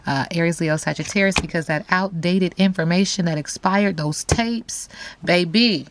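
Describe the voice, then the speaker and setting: A woman's voice: fairly low pitch, moderate pace, noisy background. A woman giving a casual, slangy tarot reading straight to her viewers, full of asides and catchphrases. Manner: chatty, slangy, frequent asides. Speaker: tarot reader.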